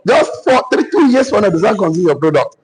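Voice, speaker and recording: Nigerian man, high-pitched, animated, business coach, joking motivational talk. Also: fairly quick, poor audio. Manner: animated, joking, mixes Pidgin asides with laughter. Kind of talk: motivational talk to an online community.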